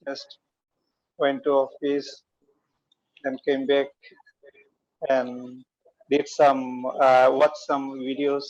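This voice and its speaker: A middle-aged man practising English over a video call, talking haltingly with pauses and fillers. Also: mid-range voice, completely flat delivery, a little mellow. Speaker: English learner. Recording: dull lo-fi call audio.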